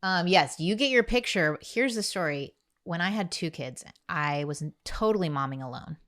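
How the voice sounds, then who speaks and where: A woman hosting a podcast, telling a personal story in a lively, casual way and acting out the voices of people she quotes. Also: lowish voice, moderate pace. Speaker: podcast host; mother of boys.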